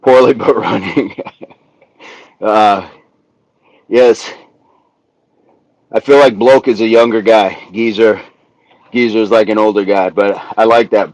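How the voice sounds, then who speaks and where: A man's voice: on the low side, fairly even intonation, slow, long pauses, darkish tone, no room sound, poor audio. An American man hosting a fitness live stream, chatting casually and reading viewer comments, laughing easily. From US South, raised in the Midwest. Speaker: fitness livestream host. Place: California.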